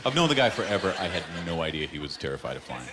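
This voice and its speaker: A Canadian man performing a stand-up comedy set on a club stage, deadpan punchlines broken by sudden put-on voices. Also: low-pitched, rapid-fire, noisy background. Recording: live stage with loud audience laughter.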